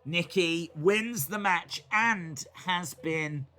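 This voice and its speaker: A man's voice: sits high, drawn-out words, sharp tone. A man casually reacting to wrestling live, joking, rambling and acting out silly voices.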